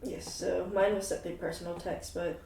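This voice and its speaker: A woman's voice: lowish voice, level tone, moderate pace, creaky, a little mellow, far from the mic, slight background noise. A woman running a tabletop game as game master, chatty and laughing, often trailing off with fillers. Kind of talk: narrating a tabletop game with friends. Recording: echoey room, mic from afar.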